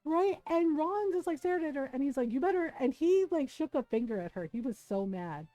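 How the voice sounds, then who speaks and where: A woman from the United States tells a story on a livestream in an animated, swearing, laugh-filled way. Her voice sits a little high with a mellow, warm tone. Faint game music plays underneath. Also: fairly quick, dry recording, poor audio. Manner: animated retelling, swears freely, laughs often. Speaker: streamer.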